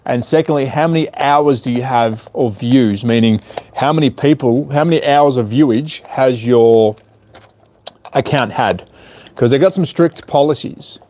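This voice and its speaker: A man's voice: mid-range voice, measured pace, dark tone. A man chatting casually on a live stream while repairing a small device, muttering to himself as he works. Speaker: hobby livestreamer.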